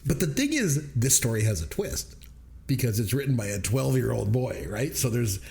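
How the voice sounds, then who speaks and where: A man co-hosting a movie review podcast, telling stories in an animated way and laughing often. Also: medium pitch, moderate pace, vocal fry. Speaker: podcast co-host. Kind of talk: casual movie review chat.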